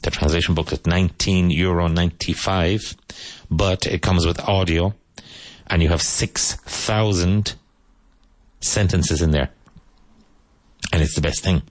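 A man hosting a radio-style English lesson, repeating words slowly and pointing out which syllable takes the stress. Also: low-pitched, fairly even intonation, no room sound. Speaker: English teacher.

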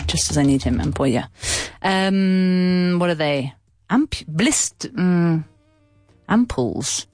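Woman radio host, chatty and teasing, animated pitch, dry close mic. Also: no room sound. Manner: chatty, playful, laughs often, swoops up in pitch. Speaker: radio co-host and English teacher. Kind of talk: casual radio chat teaching English.

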